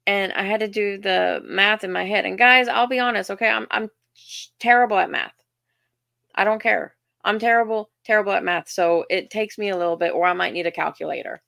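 A woman's voice: mid-range voice, fairly even intonation, fairly quick, creaky, sharp tone, no room sound, studio quality. A young woman with a Southern US accent hosting her own podcast, telling stories in a chatty, self-deprecating way with lots of restarts. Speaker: podcast host. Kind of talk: casual storytelling monologue.

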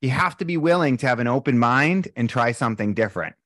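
A mid-pitched man talks openly and with feeling as a guest on a chat show. He tells his stories with energy and slips into other people's voices. His voice sits close and dry, with no room sound. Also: quick pace, no room sound. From Boston, USA. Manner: animated storytelling, candid and emotional, acts out quotes. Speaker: breathwork instructor, podcast guest. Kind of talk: casual interview chat.

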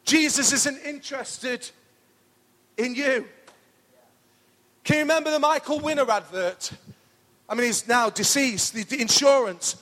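A middle-aged pastor preaching an enthusiastic, pumped-up sermon in a church hall. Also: male voice, extremely high pitch, moderate pace, long pauses, sharp tone.

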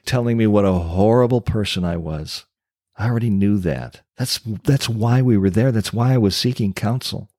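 Earnest low-voiced older man testifying. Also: a little mellow, no echo, clean studio sound. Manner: earnest and confessional, with slow emphatic pauses. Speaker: ministry coach and former pastor. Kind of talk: personal testimony.

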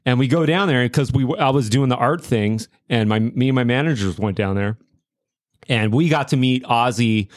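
A man hosting a podcast, telling anecdotes in quick, casual chat with many fillers. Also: medium pitch, dry recording, studio quality. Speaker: podcast host.

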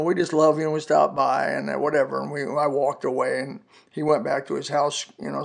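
An older man in his seventies gives a podcast testimony sermon with a raspy, gravelly edge. His voice sits a little high for a man, and he tells his story earnestly and folksily, quoting scripture along the way. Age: 70s. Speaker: podcast preacher.

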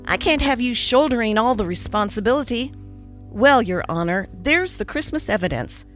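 A woman's voice: on the high side, expressive, normal speed, soft background music, natural voice. A woman voicing a kindly, fussy older male country doctor in a storybook reading, grumbling with good humor. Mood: grumbling, jovial. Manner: grumbling good-humored, old-fashioned phrasing.

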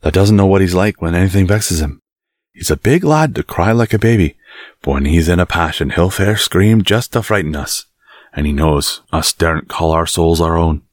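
A man's voice: expressive, normal speed, no echo, clean studio sound. A man voicing an anxious young Yorkshire maidservant in a broad dialect, in a storybook reading. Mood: agitated. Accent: Yorkshire dialect put on. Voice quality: broad dialect, high frightened voice.

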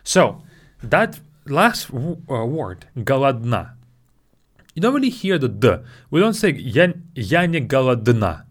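A man teaching a spoken language lesson, patiently repeating each phrase slowly and explaining it into his own microphone. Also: mid-range voice, wildly swooping pitch.

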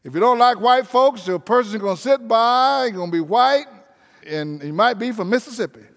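High-voiced preacher in a big hall. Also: male voice, animated. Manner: folksy, emphatic preaching with drawn-out phrases. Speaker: pastor. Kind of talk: sermon.

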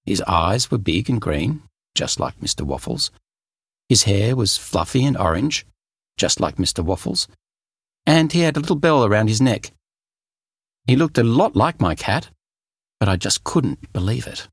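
A man reading a children's story aloud in a lively, expressive way. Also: on the low side, normal speed, long pauses, slightly rough, dry recording, clean studio sound. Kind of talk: scripted children's story narration.

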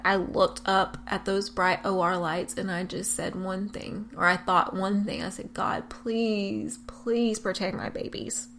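A young woman telling, with deep emotion and earnest candor, the story of her twins' premature birth. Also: fairly bright tone, a little hiss or hum. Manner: emotional, tearful at times, earnest. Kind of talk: personal testimony.

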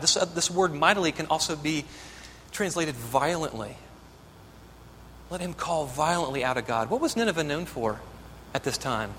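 A man's voice: fairly high pitch, lively intonation, a little fast, a bit bright, long reverb tail, a little hiss or hum. A man preaching a sermon as pastor, earnest and building to emphatic exhortation.

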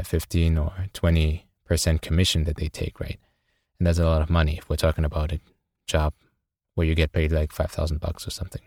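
A man's voice: very deep voice, a little mellow, no echo. A man whose first language is not English, asking a question in a polite, hesitant way with many fillers. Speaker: caller. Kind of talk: recorded audio question. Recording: dry clean home recording.

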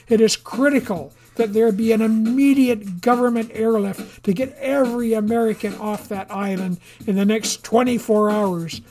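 Reader putting on a loud showy texas senator guy, sonorous twang, grandstanding like at a podium. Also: lightly acted. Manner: raised pitch, grandstanding speechmaking. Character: boastful male Texan senator, showy and self-satisfied.

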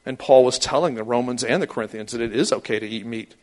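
Animated male preacher with a mid-pitched voice. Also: quick pace. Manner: animated, acts out quoted voices with sudden high outbursts. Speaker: pastor. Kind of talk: sermon.

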